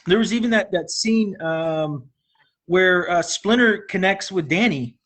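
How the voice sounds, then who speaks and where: A man's voice: high-pitched, measured pace, fairly bright tone. A man co-hosting a movie review show, rambling casually and laughing between thoughts. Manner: rambling, laughs often, many fillers. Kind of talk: casual chat.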